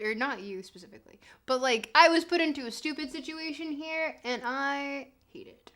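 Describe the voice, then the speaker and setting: A woman's voice: sits high, moderate pace, hardly any pauses, sharp tone. A woman streaming a geography game, reading chat aloud and reacting with laughter and mock outrage. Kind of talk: casual game stream commentary.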